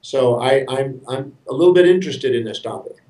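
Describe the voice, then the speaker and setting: An earnest man from the United States tells his story as an interview guest, often stumbling over his first words. His voice sits at an ordinary pitch. It sounds roomy and a little far from the mic. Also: lively intonation, a little fast, warm tone. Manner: earnest, repeats words when starting sentences.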